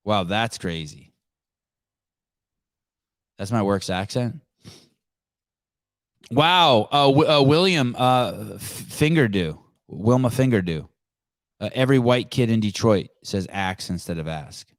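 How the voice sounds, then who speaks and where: This is a man hosting a live call-in podcast, chatting off the cuff with a sarcastic, profane edge. His voice is low, and the sound is dry and close. He rambles and reacts as he goes. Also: expressive, slow, pauses often, no room sound. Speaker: podcast host.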